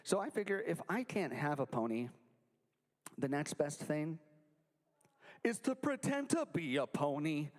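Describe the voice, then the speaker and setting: A man's voice: on the high side, unhurried, long pauses, long reverb tail. A young man performing a goofy, interactive children's show with a live audience at a library. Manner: goofy, animated, jokey with the kids. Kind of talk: playful kids' show with sing-along.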